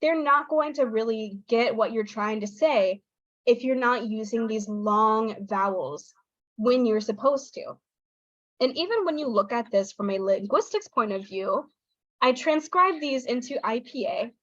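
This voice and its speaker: A woman presenting a pronunciation lesson online, explaining sounds clearly and acting out her students' replies. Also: fairly high pitch, expressive, unhurried, fairly bright tone, dry recording, dull audio. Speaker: teacher trainer. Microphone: video call.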